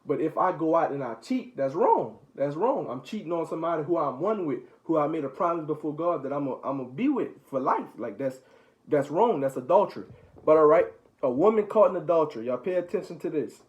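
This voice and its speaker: A young man leading a Bible study for his little brother, reading passages and retelling them in relaxed slang. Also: fairly high pitch, brisk, dull audio. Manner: paraphrases scripture in relaxed slang. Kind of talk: casual Bible reading and explaining.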